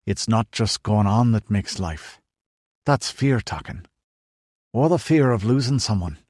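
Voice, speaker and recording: A man voicing a wounded young leader, weak from injury but steady and resolute. He speaks quietly in a low, dry voice. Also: unhurried, no room sound. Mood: weary, firm. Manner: quiet, weary, firm.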